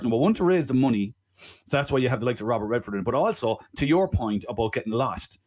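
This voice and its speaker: Man, mid-pitched voice, chatty, explaining, podcast co-host. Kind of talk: casual film chat.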